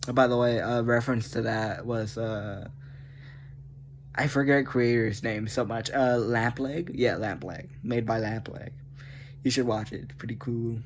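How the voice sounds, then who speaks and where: A man talks loosely into the camera for his video, wandering from thought to thought. He laughs often and pokes fun at himself as he goes, in a voice of ordinary middle pitch with a faint hum behind it. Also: steady tone, a little slow. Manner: rambling, laughing often, self-mocking. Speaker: video creator. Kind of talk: casual chat about a video game.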